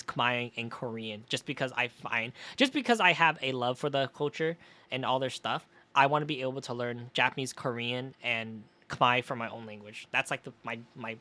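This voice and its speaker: A man's voice: medium pitch, pushed and bright. Rambling, profane young male streamer. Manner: rambling, profane, with many fillers and restarts. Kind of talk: casual gaming stream chat.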